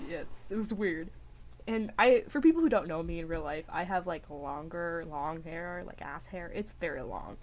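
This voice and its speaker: A woman's voice: on the low side, moderate pace. Young female podcast co-host, casual storyteller, giggly and rambling. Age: young adult. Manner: rambling, giggly, acts out quotes with voices.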